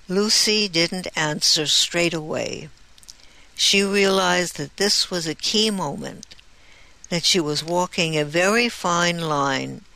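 Audiobook narrator: unhurried, gravelly, dry close-mic sound. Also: medium pitch, sharp tone, no echo, poor audio. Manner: measured storytelling. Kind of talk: scripted narration.

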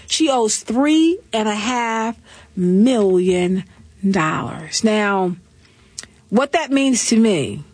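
Sassy high-voiced woman host. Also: no echo. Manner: animated, sassy storytelling with laughs and mock voices. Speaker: talk show host. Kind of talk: comedic gossip commentary.

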